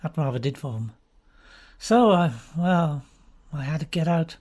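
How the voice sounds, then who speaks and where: A woman's voice: sits low, lively intonation, unhurried, darkish tone. A woman voicing an earnest, bluff young man, recently out of the Navy, in an audiobook. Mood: eager. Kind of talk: audiobook character reading.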